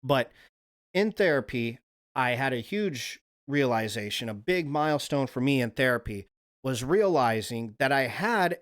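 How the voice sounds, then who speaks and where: A man's voice: mid-range voice, lively intonation, a little slow, a bit bright. Profane, rambling male streamer. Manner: profane, loose, conversational. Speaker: livestream host. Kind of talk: casual rambling monologue.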